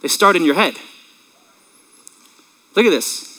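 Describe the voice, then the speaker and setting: A man in his thirties delivers a sermon in a bright, slightly raised voice. His preaching is earnest and conversational. He sounds close to tears at times and clears his throat now and then. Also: high voice, animated, a little slow, rough recording. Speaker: pastor.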